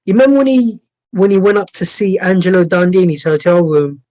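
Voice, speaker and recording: Male interview host, high pitch, short encouraging replies. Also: expressive, quick pace, dark tone, rough recording. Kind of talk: casual interview questions.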